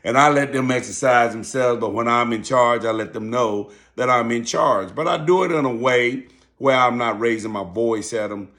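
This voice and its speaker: Calm older man, low measured voice. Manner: calm, measured, preachy storytelling. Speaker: school teacher and channel host. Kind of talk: casual talk to camera.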